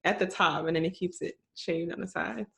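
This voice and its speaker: A woman's voice: fairly low pitch, steady tone, brisk, vocal fry, a bit bright. A woman hosting a podcast interview, chatty and rambling, laughing easily between remarks. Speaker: podcast host.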